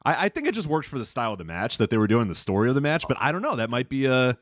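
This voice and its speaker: Animated man on a podcast. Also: mid-range voice, racing, dry recording, studio quality. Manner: animated, laughs a lot, does mocking voices in quotes. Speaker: podcast co-host. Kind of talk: casual podcast chat.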